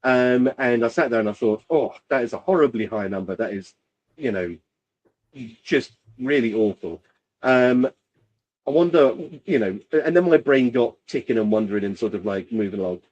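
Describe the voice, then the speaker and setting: A man's voice: medium pitch, expressive, normal speed, darkish tone, highs cut off. Rambling man co-hosting a podcast. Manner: rambling, filler-heavy. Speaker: podcast co-host. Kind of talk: casual chat.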